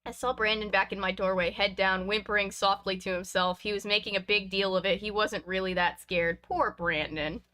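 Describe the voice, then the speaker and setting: A woman's voice: mid-range voice, steady tone, moderate pace, hardly any pauses, pushed and bright. A woman reading a book aloud, breaking off for chatty, laughing asides between passages. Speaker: reader of a book.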